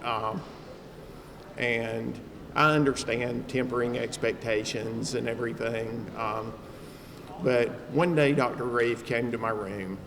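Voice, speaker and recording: A man's voice: mid-range voice, fairly even intonation, slow pace, gravelly. A man giving a personal speech to an audience as a trauma survivor, telling his story with humor in a chatty way, with fillers. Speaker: trauma survivor speaking at an event. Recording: long hall reverb, faint background noise.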